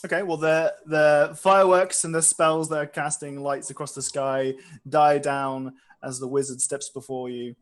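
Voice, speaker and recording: A man's voice: on the high side, level tone, normal speed, hardly any pauses. Playful man as game master. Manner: playful, laughs often. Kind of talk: narrating a tabletop game.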